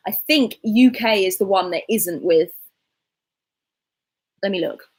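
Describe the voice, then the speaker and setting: Husky-voiced young english girl, southern accent, rambly chatty q&a vlog, laughs a lot. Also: mid-range voice, slow, rough recording. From England. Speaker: vlogger answering viewer questions. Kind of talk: casual chat.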